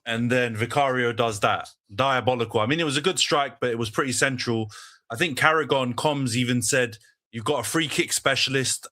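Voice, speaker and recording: Bright-voiced man bantering about football. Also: medium pitch. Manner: banter-heavy, laughs often, says "bro". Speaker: podcast host. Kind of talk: casual football debate.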